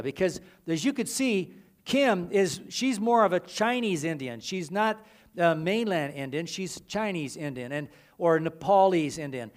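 A male preacher with a fairly high voice delivers an animated sermon full of stories. He leans on repeated phrases for emphasis and often restarts mid-sentence, rising and falling in intensity as he goes. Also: measured pace. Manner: animated storytelling with emphatic repetitions and frequent restarts. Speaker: preacher and missions leader.

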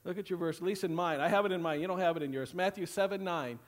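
A male pastor preaching a sermon to several campuses, rambling with lots of "you know" and slowing down for scripture. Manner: rambling, repeats phrases, many "you know" fillers; slows and drops low for scripture readings.

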